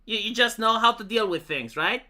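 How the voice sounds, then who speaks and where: A man's voice: sits high, moderate pace, sharp tone. A man chatting casually with his livestream viewers, telling rambling stories with many restarts and swearing. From Romania. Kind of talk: casual chat to stream viewers.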